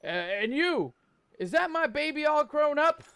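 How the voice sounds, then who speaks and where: A man reading the lines of a wounded werewolf mother in a video game, in a soft, doting manner. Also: very high-pitched, sing-song, unhurried, no echo, voice pushed up, exaggerated voice. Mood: tender, doting. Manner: tender, doting. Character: wounded werewolf mother, tender, long-lost wife.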